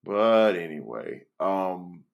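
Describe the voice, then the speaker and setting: A man's voice: sits low, very animated, slow pace, creaky, dull audio. A man in his forties, a guest on a podcast, talking casually and hesitantly with many fillers. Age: 40s. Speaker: podcast guest, school educator.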